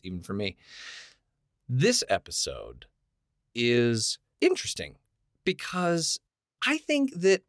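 Playful rambling man, lively voice. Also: mid-range voice, no echo, studio quality. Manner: playful, self-mocking, rambling. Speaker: podcast co-host. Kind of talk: casual banter.

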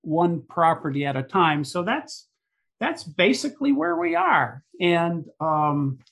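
A man's voice: on the high side, sing-song, slow, creaky, fairly bright tone. A man, an environmental activist talking in a rambling, hesitant way with many fillers. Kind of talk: casual conversation.

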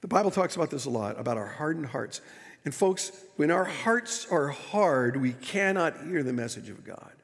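A man preaching a sermon from a church platform, his voice rising and falling as he makes wry asides. His tone is fairly high with a gravelly edge, and a long reverb from the sanctuary trails his words. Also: expressive, normal speed. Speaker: pastor.

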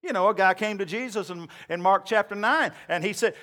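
Male pastor preaching, high bright voice, chatty stories then shouting at the peaks. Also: fairly quick, few pauses. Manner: builds from folksy storytelling to shouted preaching. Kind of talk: sermon.

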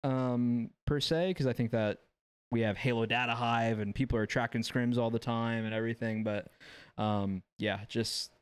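A man's voice: medium pitch, fairly even intonation, moderate pace, clean tone. A young man co-hosting a gaming podcast, speaking casually and earnestly with lots of fillers and restarts. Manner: rambling, filler-heavy, earnest. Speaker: podcast co-host, former Halo player. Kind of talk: casual chat.

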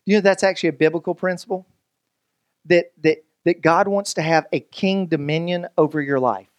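Talking fairly quickly, a high-voiced male pastor preaches a conversational sermon, trading jokes with the congregation like friends. His sentences frequently restart as he heads toward his point. The recording is muffled yet dry and close, with no room echo.

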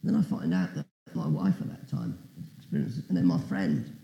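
A man's voice: mid-range voice, huge pitch swings, fairly quick, vocal fry, warm tone, reverberant, lo-fi sound. A man preaching as a guest speaker, telling a story with asides and questions to the audience. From Britain. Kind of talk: testimony sermon.

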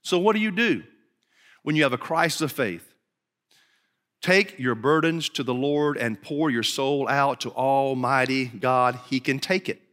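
A man preaching a sermon as pastor, emphatic, swinging between low, quiet stretches and high, urgent ones. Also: measured pace, long reverb tail.

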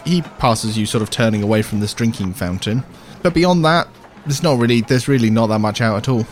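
Relaxed man running a tabletop game. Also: fairly low pitch, a little fast, slight background noise. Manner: relaxed, meandering, many restarts. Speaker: game master.

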